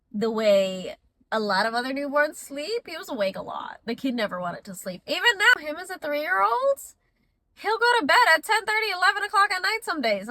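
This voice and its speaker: A woman's voice: high-pitched, sharp tone. A young woman vlogging candidly about motherhood, chatty and emotional, close to tears at times and laughing at others. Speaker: mom vlogger. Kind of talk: candid confessional vlog.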